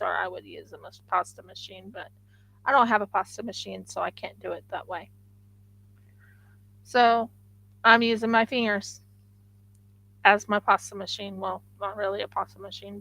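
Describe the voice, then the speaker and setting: Slow-talking woman chatting while crafting. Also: mid-range voice, creaky, sharp tone, no room sound, low-quality recording. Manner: chatty, thinks aloud to viewers as she works. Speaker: craft live-streamer. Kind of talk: casual live-stream chat while sculpting.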